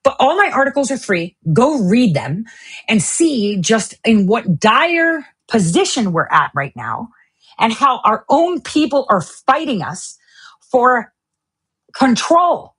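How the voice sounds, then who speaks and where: A woman's voice: a little high, very animated, slow, fairly bright tone, husky. A woman hosting a political commentary show, ranting in a heated, profane, sarcastic way. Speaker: host.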